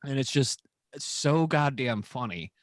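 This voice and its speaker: A man's voice: mid-range voice, lively intonation, slow pace, dry recording, clean studio sound. A man in a casual podcast chat, rambling with many filler words.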